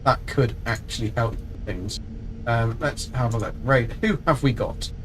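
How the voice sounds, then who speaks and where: A man's voice: mid-range voice, a little slow, a little hiss or hum. A man chatting casually and rambling through a live game stream. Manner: chatty, rambling, self-mocking.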